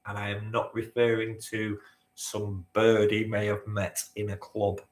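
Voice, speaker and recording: A man's voice: on the low side, completely flat delivery, unhurried, echoey room. A man hosting a live-stream quiz, bantering with the chat and swearing now and then. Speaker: quizmaster.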